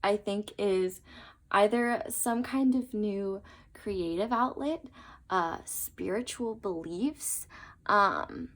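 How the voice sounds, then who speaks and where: A woman's voice: medium pitch, slow, fairly bright tone. A young woman giving a casual tarot reading to her viewers, chatty and earnest, with plenty of fillers and trailing asides. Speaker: tarot reader.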